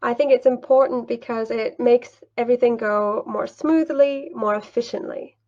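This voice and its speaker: A woman teaching English online, walking through screen sharing and acting out a mock class, patient and unhurried, laughing lightly now and then. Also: on the high side, steady tone, darkish tone, dull audio.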